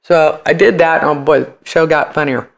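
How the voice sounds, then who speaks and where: A man's voice: fairly high pitch, steady tone, brisk, vocal fry. A man in his forties, an interview guest, telling stories in a blunt, profane way and mimicking the people he quotes. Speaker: interview guest, punk musician and comedian. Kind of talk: casual interview storytelling.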